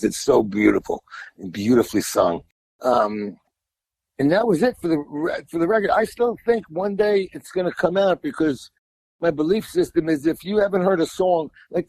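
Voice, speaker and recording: A man's voice: a little high, a little mellow, slightly rough, poor audio. Rambling older man. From New York. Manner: rambling storyteller, repeats words, colorful and blunt. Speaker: guest musician. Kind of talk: casual interview chat.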